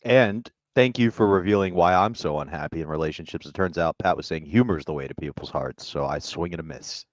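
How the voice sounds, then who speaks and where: A lower male voice recorded close and dry, chatting as a comedy co-host. He agrees readily, pokes fun at himself and breaks into laughter often. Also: brisk, hardly any pauses, dry recording. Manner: agreeable, laughs easily, self-deprecating. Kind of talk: casual comedic chat.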